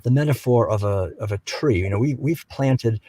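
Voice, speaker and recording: An older man talks gently and without hurry, telling stories and often restarting his phrases. His voice sits at a middle pitch. The sound is dry and close. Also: slightly rough, no echo, poor audio. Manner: gentle, unhurried storytelling with many restarts. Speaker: guest speaker. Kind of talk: reflective conversational talk.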